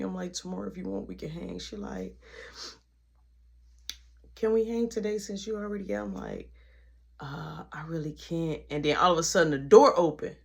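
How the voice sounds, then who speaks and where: A young man telling a casual storytime, animated and acting out every quote, sometimes dropping to a hushed voice. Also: sits high, normal speed, gravelly. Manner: drops to a hushed voice for tender moments.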